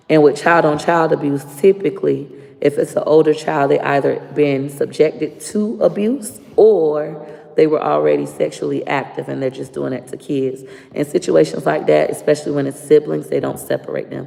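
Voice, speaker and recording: A woman's voice: deep voice, gravelly, warm tone. A woman with a Florida accent ranting bluntly and profanely to camera. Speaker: vlogger. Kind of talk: casual rant to camera. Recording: long reverb.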